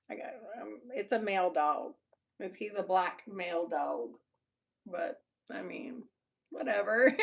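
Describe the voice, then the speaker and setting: A young woman with a Texan accent chats on a live stream at an unhurried, drawn-out pace. Her voice sits at an ordinary middle pitch. She talks bluntly and loosely, swears freely and laughs a lot. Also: sing-song, gravelly, fairly bright tone. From Texas. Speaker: YouTuber. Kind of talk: casual live-stream chat with viewers.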